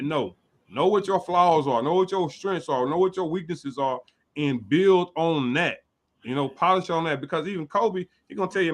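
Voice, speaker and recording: A man's voice: a little high, moderate pace. Laid-back man giving friendly advice. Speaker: host. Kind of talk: casual interview.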